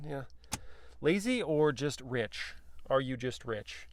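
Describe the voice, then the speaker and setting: Gravelly, playful man reviewing a car. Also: medium pitch, sing-song, normal speed, dry recording. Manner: playful, chatty, jokes to himself. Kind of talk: casual walkaround review. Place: back seat of a car.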